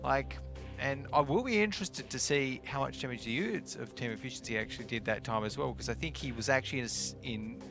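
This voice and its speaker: A man co-casting a live esports match, excitable and casual, often stumbling over his words. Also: mid-range voice, quick pace, music in the background. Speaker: esports co-caster.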